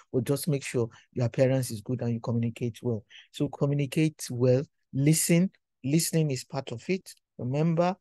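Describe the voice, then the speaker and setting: A man's voice: medium pitch, mellow, no room sound. Give me a male lecturer, preaching advice, close and dry sound. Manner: repeats key phrases, emphatic and exhorting. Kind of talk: induction lecture to professionals.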